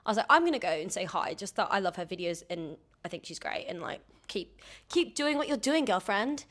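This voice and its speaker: A young woman co-hosting a podcast, telling stories in a lively, animated way and laughing often. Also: medium pitch, a little fast. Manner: animated storytelling, laughs a lot. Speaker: podcast co-host. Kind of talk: casual chat.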